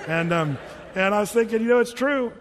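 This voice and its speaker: A male pastor delivers a sermon in a relaxed, conversational manner, stumbling and restarting as he goes. His voice sits high for a man. A long reverb trails each phrase, as if recorded in a large hall. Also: a little fast, slight background noise. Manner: casual, chatty preaching with many restarts.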